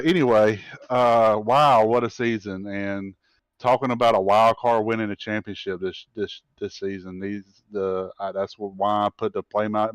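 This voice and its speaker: A man who runs the racing league and drives in it, giving a halting post-race interview and often repeating his words. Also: lowish voice, smooth, no echo.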